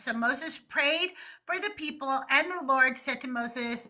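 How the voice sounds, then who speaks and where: A woman's voice: sits high, expressive, measured pace, bright, forceful tone. A young woman hosting a live stream, reading scripture aloud and breaking off with laughing, sarcastic asides. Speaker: host of a call-in show.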